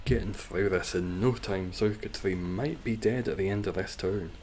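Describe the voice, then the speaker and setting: A man's voice: low voice, moderate pace, darkish tone, slight background noise. A man streaming a game live, chatting casually with viewers, reacting and swearing freely.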